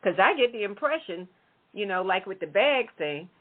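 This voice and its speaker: Femme posée, son de téléphone. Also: female voice, mid-range voice, big pitch swings, normal speed. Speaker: talk show co-host. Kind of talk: casual chat. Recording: phone-like lo-fi audio.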